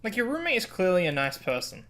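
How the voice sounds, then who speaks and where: A streamer playing a narrative game live, reading the game's text aloud in a low, subdued tone, then breaking into loud, swearing reactions and pleading with the game. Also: big pitch swings, fast.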